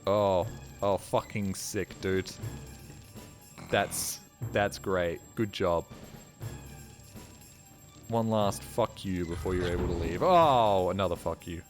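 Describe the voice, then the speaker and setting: A man's voice: sits low, steady tone, slow, pauses often. A man streaming a video game live, tired and rambling, joking and swearing as he plays. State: tired, ears ringing. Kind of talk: casual live gameplay commentary. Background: game music.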